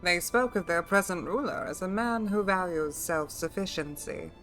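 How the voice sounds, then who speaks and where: A woman voicing an earnest, self-doubting fantasy game companion in a breathy voice with formal, archaic phrasing. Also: on the low side, normal speed, fairly bright tone, faint music behind, pitched above the performer's own voice, natural voice. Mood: solemn. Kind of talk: voicing game dialogue aloud.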